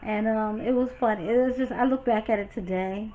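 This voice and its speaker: A young woman from Brooklyn with a New York accent, telling a storytime in a blunt, sassy, animated way. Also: a little high, fairly quick. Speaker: storytime vlogger. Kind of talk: casual storytime chat. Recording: dull lo-fi sound, faint noise.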